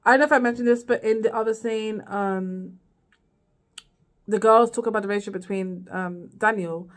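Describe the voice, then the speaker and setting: A woman's voice: medium pitch, steady tone, moderate pace. A woman vlogging a casual, rambling recap of a TV series, full of "like" and "girl" asides.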